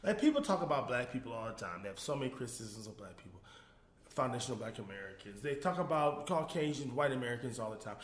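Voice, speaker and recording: A man hosting a casual solo commentary show, animated, laughing often and talking straight to his viewers. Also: medium pitch, fast talker, reverberant. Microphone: phone.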